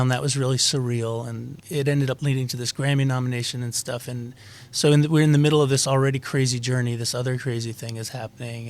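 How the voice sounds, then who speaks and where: Man, forties, gravelly voice, middle pitch, candid reflective storytelling, interview guest. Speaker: guest musician. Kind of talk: conversational interview.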